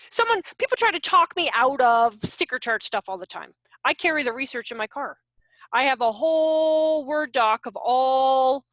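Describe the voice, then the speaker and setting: A woman in her forties, a behavior consultant, giving an animated, jokey online workshop talk over a video call. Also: high-pitched, no room sound, studio quality. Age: 40s. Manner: animated, self-deprecating, jokey.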